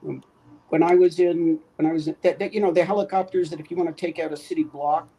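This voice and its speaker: A man's voice: on the high side, steady tone, fast talker, warm tone, poor audio. A man co-hosting a casual livestream, cracking jokes and recalling his time in the service. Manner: wisecracking, reminiscing about his service. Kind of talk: casual chat.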